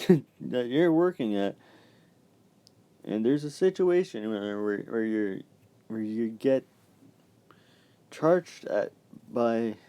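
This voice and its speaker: A young man telling a rambling story about his old job, halting and swearing when worked up. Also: on the low side, dark tone. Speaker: vlogger. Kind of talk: casual storytelling rant.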